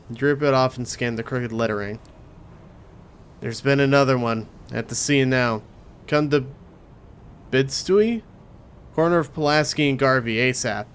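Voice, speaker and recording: A man playing a story game, reading the narration aloud and adding casual asides of his own. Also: medium pitch. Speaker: let's play host. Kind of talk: reading a visual novel aloud with commentary.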